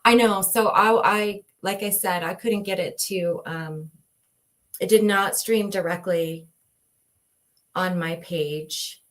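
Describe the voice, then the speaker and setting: A woman's voice: mid-range voice, slow. A woman co-hosting a casual spiritual live stream, talking reflectively and greeting viewers by name.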